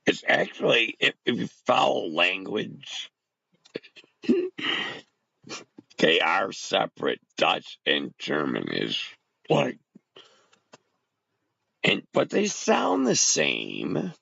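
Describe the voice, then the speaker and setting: A man's voice: deep voice, wildly swooping pitch, drawn-out words, vocal fry, long pauses, pushed and bright, husky, no echo, highs cut off. A middle-aged man rambling casually to his viewers on a livestream, greeting chat by name. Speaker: livestream host. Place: home bunker.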